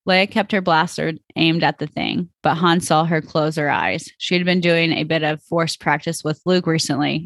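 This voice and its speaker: A woman host reads fan fiction aloud in a plain storytelling voice, stumbling now and then. Her voice has a gravelly fry, and the recording is dry with no room sound. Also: low-pitched, no echo. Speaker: podcast host.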